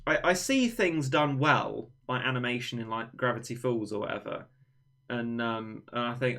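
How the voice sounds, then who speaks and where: A man's voice: mid-range voice, normal speed, fairly bright tone. A young man hosting a livestream, chatting casually in a rambling, self-mocking way. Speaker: livestream host. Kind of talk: casual chat on a stream.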